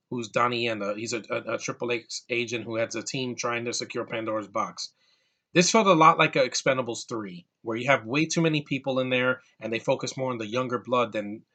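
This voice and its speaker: Bright-voiced man ranting about a movie. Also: medium pitch. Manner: exasperated, ranting, repeats words and restarts. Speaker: movie reviewer. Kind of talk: casual movie rant.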